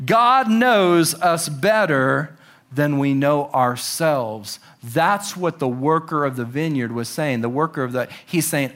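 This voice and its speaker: A man preaching a sermon, animated, acting out quotes with exclamations and dropping to slow, soft emphasis on key lines. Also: a little high. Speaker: pastor.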